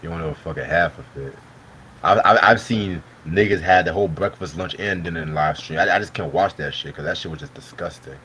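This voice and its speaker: A man's voice: low-pitched, fairly quick, bright, forceful tone, a little hiss or hum. A man hosting a live stream, chatting loosely with lots of swearing and laughter while he eats dinner. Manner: loose, profane, laughing banter. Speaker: host. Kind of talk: casual live-stream chat.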